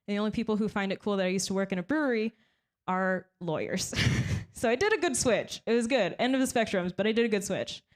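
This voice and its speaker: A young woman performing a stand-up comedy set, deadpan and self-mocking, often breaking into little laughs. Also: mid-range voice, fast.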